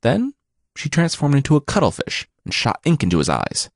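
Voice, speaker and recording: A man narrating myths for a podcast with wry, deadpan asides. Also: medium pitch, a little fast, no room sound, clean studio sound. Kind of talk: comic mythology storytelling.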